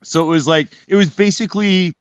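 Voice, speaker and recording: A man's voice: high-pitched, a little fast, smooth, dry recording. A man in a casual group chat, laid-back and joking, explaining things with a crude edge. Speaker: guest in a live chat.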